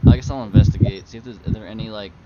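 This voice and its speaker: A man's voice: lowish voice, steady tone, very fast. A man playing a tabletop game, talking casually and hesitantly, often laughing. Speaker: player. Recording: dull lo-fi mic with loud noise.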